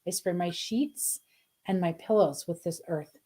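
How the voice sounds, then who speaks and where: A woman's voice: on the low side, unhurried, dark tone. A middle-aged woman hosting a live card reading, chatty and effusive as she reads out viewer comments. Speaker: spiritual card reader, host.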